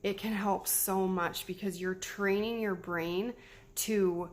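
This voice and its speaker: Speaking casually to camera, a woman in her thirties shares self-care advice as a mom, staying chatty and encouraging while often repeating points. She takes her time, with a steady tone in a mid-range voice.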